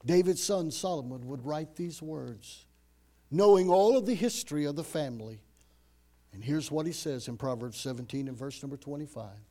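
A man preaching a sermon dramatically, rising to loud emphasis and dropping to hushed, low phrases. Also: lively intonation, moderate pace.

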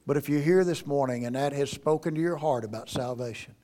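A middle-aged male pastor preaching a sermon in a church, earnest and pleading, rising to emphatic peaks and dropping to quiet appeals. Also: medium pitch, fairly quick. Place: church sanctuary.

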